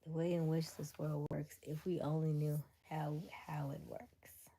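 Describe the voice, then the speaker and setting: A woman's voice: sits low, flat delivery, a little slow, warm tone, husky. A woman hosting a casual late-night livestream, chatting with viewers, laughing often and slipping into whispers. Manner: reads answers aloud to viewers. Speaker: livestream host.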